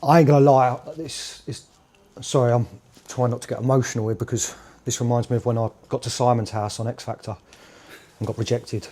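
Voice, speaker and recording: A man doing a fast-talking cockney geezer. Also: on the high side, darkish tone, echoey room, natural voice. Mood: deflated. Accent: London East End. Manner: chirpy cockney patter with rhyming slang. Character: cocky East End geezer trying estate agency. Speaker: comedy character. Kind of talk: improvised comedy sketch.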